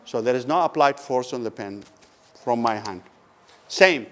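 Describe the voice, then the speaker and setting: Man lecturing, slow questioning delivery. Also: medium pitch, lively intonation. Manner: asks the class questions and answers them, repeats key words slowly. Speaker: physics lecturer. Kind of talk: classroom lecture. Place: lecture room.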